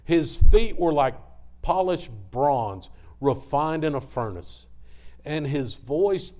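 A middle-aged man with a drawl preaches with fervor, his voice sitting a little high for a man. He talks in a folksy way and keeps breaking off to say sorry for his own tangents. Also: expressive, slow pace, a little mellow. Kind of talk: sermon.

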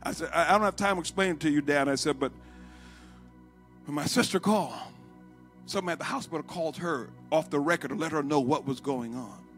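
High, bright-voiced preacher man. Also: brisk, faint music behind. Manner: dramatic swings from shouted exhortation to hushed storytelling. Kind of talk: Pentecostal sermon.

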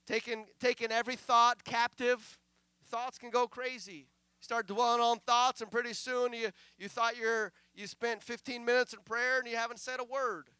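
A male pastor preaching a sermon in a conversational style that swells into loud declarations, sometimes dropping to a mumble to act out a distracted prayer. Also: very high voice, flat delivery, moderate pace, clean tone, dry recording. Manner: acts out mumbled prayers in a quiet aside voice.

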